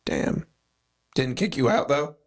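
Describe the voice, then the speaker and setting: A man hosting a podcast, chatting casually with a guest and dropping quick joking interjections. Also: mid-range voice, wildly swooping pitch, vocal fry. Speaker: podcast host.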